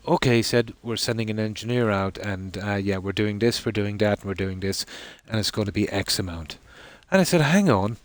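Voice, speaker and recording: A man's voice: on the low side, no echo. Rambling Irish man telling a story. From Ireland. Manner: rambling anecdote, frequent "I said". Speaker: streamer. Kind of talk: casual storytelling while streaming.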